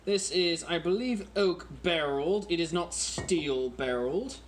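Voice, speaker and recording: A man hosting a casual wine-tasting vlog at home in a deliberately put-on British accent, joking and rambling about himself while recording on a phone. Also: a little high, a little hiss or hum. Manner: jokey, rambling and self-mocking.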